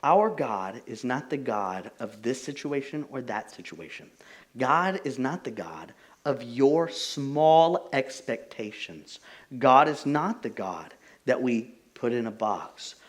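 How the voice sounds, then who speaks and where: A man's voice: medium pitch, slow. A young adult man preaching a casual, conversational sermon as pastor, telling stories with plenty of filler words. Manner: animated storytelling, many fillers like "like".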